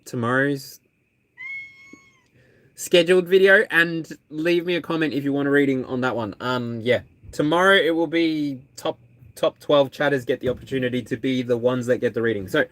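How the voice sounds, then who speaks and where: This is a tarot reader hosting a live stream. The talk is candid and earnest, rambling loosely with plenty of ums and restarts, in a middle-pitched voice. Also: moderate pace, fairly bright tone. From Australia. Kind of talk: casual live stream chat.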